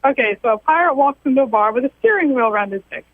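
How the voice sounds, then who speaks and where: Female caller from Florida, giggly and a little nervous, very high, over a tinny phone line. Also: animated, very fast, no echo. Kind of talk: telling a joke on a call-in show.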